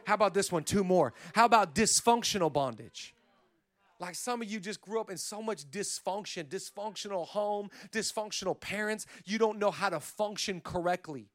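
A man preaching a sermon as pastor, talking casually and then building to shouted lines. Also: normal speed. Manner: acts out quoted voices with sudden pitch jumps.

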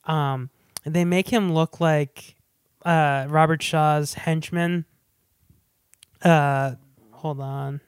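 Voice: medium pitch, steady tone, extremely slow, pauses often, clear, resonant tone, no echo, studio quality. A podcast co-host chatting about movies in an eager, rambling way, with restarts and asides. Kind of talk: casual movie chat.

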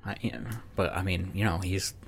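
A man's voice: low voice, little pitch movement, a little fast, vocal fry, slight background noise. A young man co-hosting a podcast, rambling through casual chat with lots of filler and free swearing. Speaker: podcast co-host.

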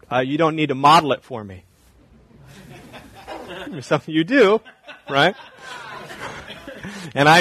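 Pastor preaching with swelling, dropping emphasis. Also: male voice, fairly high pitch, no echo. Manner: dynamic preaching, repeats phrases, swings from loud emphasis to near-whisper. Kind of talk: sermon. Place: church.

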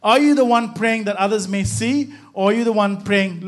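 High-voiced preaching man. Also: moderate pace. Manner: emphatic preaching, repetitive rhythmic phrasing. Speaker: pastor. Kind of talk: sermon.

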